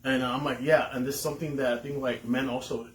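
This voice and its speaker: A man's voice: mid-range voice, flat delivery, fast talker. A man co-hosting a podcast in casual chat, telling candid stories with laughter and swearing. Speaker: podcast co-host. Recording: roomy room with faint noise.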